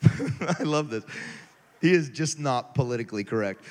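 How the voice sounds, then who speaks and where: A man preaching a sermon, moving from quiet scripture reading to loud, animated exhortation. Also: mid-range voice, normal speed, long pauses, in a large hall.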